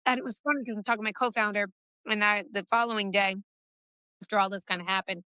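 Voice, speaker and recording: Bright, lively woman, podcast guest. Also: mid-range voice, smooth, dry recording. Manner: animated and fast-talking, fillers like "like". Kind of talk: casual conversation.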